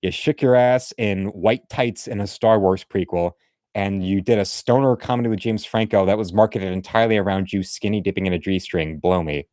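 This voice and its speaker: A man with a somewhat low voice talks through artwork in a loose, meandering way. He is blunt and opinionated, and often restarts his sentences. The recording is close and dry. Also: warm tone, dry recording. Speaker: art commentator. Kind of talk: casual commentary over artwork.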